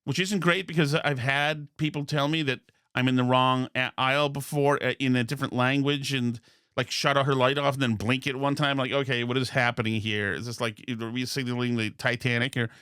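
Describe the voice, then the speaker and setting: A man from Massachusetts hosting a podcast, telling a long comic story in a rambling, deadpan way with incredulous asides. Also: mid-range voice, fairly quick, clear, resonant tone, no echo, clean studio sound. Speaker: podcast host. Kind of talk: comedic storytelling monologue.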